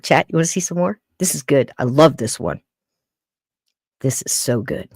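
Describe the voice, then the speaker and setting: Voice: medium pitch, animated, moderate pace, creaky, darkish tone, husky, no echo, clean studio sound. Blunt, emphatic podcast host. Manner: blunt, emphatic, repeats points. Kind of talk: live-stream podcast talk.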